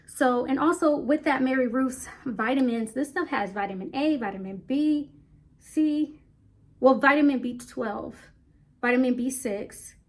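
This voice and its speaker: A young woman talking fast and a little out of breath, chatting casually to her viewers about hair care. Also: high-pitched. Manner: chatty, rambling, talks fast, addresses viewers as y'all. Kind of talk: casual chat to camera.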